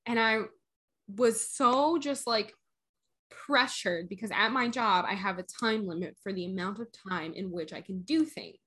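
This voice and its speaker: A woman's voice: mid-range voice, measured pace, a bit bright. A young woman chatting on a podcast, a little tipsy, rambling through a story and laughing often. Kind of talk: casual chat.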